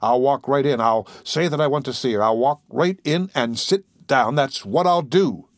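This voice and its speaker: A man reading the lines of an anxious, boastful teenage boy who talks in halting, earnest bursts. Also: mid-range voice, dry recording, close to an everyday voice. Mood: determined.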